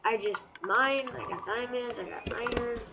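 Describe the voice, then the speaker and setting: A woman's voice: a little high, moderate pace, vocal fry, very noisy. Chatty woman gamer, shrieking at losses. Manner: chatty, bursts into frustrated shrieks. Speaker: gameplay commentator. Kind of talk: casual let's-play commentary. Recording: loud keyboard clatter. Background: keyboard typing clicks.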